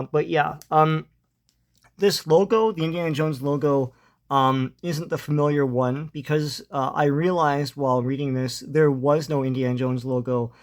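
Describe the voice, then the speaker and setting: A man casually retelling a comic book story, hesitant and full of ums and uhs. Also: mid-range voice. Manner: hesitant, lots of ums and uhs, chuckles now and then.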